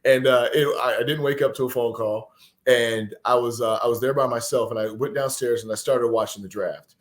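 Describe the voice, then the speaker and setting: A man in his forties from Texas tells a personal story as a podcast guest. His voice sits at a middling pitch, and his delivery is animated, earnest and emotional. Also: brisk. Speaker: podcast guest, former pro football player. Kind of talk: conversational storytelling.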